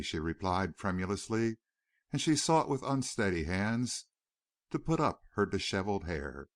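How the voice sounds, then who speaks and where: A man reads a classic Western novel aloud at a measured pace. His voice sits low yet swings widely in pitch. The recording is dry and close with no room sound. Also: big pitch swings, dry recording. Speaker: audiobook narrator. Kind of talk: scripted narration.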